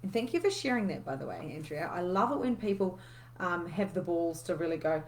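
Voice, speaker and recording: A woman's voice: lowish voice, lively intonation, fairly quick, darkish tone. Chatty woman coach, candid. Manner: chatty and candid, swears freely, reads out viewer comments. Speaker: coach hosting a live session. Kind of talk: casual live coaching talk.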